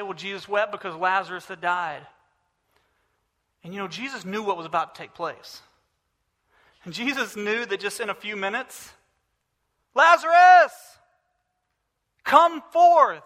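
High bright preacher man in a big hall. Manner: earnest preaching, repeats key phrases. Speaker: pastor. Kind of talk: sermon. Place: church sanctuary. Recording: long hall reverb.

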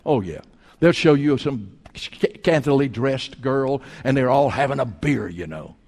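A man preaching a sermon as pastor, telling folksy stories and swinging between loud and hushed. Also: medium pitch, animated, a little slow, big-room sound. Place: church sanctuary.

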